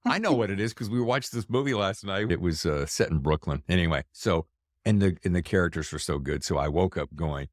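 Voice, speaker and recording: A man's voice: low voice, a little fast, no room sound, clean studio sound. A man hosting an interview podcast, chatting casually and playfully. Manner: animated, jokey, slips into playful voices. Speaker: podcast host.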